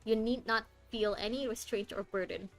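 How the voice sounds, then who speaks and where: A woman voicing a courteous, formal male butler, speaking in a polite, measured way. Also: a little high, faint music behind, lightly acted, rough recording.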